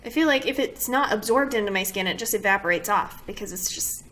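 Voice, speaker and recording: A woman's voice: medium pitch, lively intonation, a little fast, a bit bright. A woman beauty vlogger giving a casual product review to camera, complaining dramatically and asking exasperated rhetorical questions.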